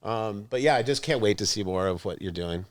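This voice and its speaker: A man's voice: fairly low pitch, a little fast. A man hosting a podcast in casual chat. He tells stories with lots of laughter and acts out the other people's lines. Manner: animated storyteller, acts out quotes, laughs often. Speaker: podcast host.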